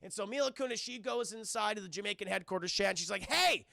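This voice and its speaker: A man casually recapping a film for his stream chat, animated and swearing freely as he addresses the chat. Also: high voice, fast talker, creaky, no echo.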